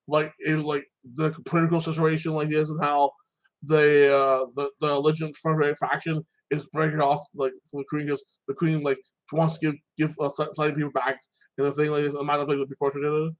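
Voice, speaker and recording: A man with a fairly high-pitched voice recaps the latest episodes of his shows. He talks loosely and rambles, leaning on filler phrases as he goes. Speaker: TV and anime reviewer.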